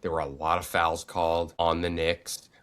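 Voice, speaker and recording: Brief: man, podcast host, very low voice, relaxed storytelling. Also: moderate pace, clear, resonant tone. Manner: loose storyteller, does funny voices. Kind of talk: casual chat.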